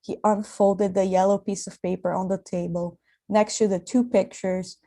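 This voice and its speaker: A woman reads a literary story aloud in a calm, measured voice. Her tone is dark and mellow rather than bright, and she lets each image settle. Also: mid-range voice. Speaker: reader. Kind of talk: literary reading.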